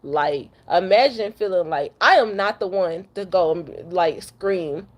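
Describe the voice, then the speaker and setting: Her voice lowish and a bit slow, a young woman from Detroit who drives trucks rants emotionally to camera after crying. She's blunt, swears, and says the same things again.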